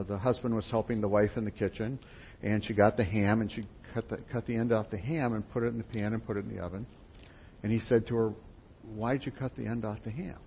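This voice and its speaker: A man's voice: on the low side, creaky. Folksy man telling parables to a gathering. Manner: folksy storyteller, leads the group directly. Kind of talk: sermon with storytelling. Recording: dull lo-fi, faint noise.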